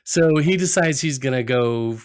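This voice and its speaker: A man's voice: mid-range voice, a little slow, smooth. A man co-hosting a podcast, retelling cartoon scenes casually, laughing often and acting out quoted lines. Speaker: podcast co-host.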